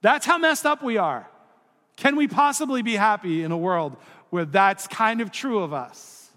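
A man's voice: high voice, lively intonation, moderate pace, fairly bright tone. A middle-aged man preaching a sermon as pastor, in a conversational, storytelling way with casual asides. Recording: long hall reverb.

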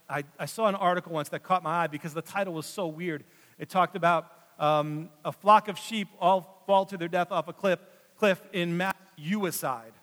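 High-voiced male pastor in a reverberant hall. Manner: swings between loud emphatic passages and hushed, slow drops. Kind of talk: sermon. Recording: long reverb of a large hall.

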